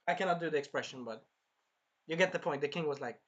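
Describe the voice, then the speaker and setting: A reviewer excitedly recapping an anime episode, acting out the characters' shrieks and cries and often losing track mid-sentence. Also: medium pitch, quick pace. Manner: animated, acts out shrieks and cries; rambling, loses track and restarts.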